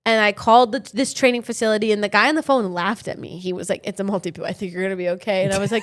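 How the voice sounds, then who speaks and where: Speaking fast and with few pauses, this medium-pitched podcast co-host tells stories in a casual chat. She's animated, acting out the quotes and slipping into silly bits of song.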